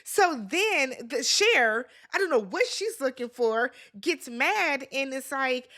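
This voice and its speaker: A woman talks through a reality show recap in a casual, sassy way. Her voice sits high and sounds bright. She slips into the cast's lines as she tells it. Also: lively intonation, slow pace, hardly any pauses.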